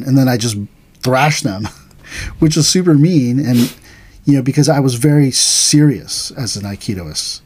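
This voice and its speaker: A man's voice: mid-range voice, moderate pace, darkish tone. A middle-aged man, an aikido teacher, telling stories in casual chat, acting out quoted voices and laughing along.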